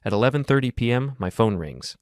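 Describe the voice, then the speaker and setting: A man narrating a first-person story in a calm, measured, coolly detached way. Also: mid-range voice, no echo, studio quality.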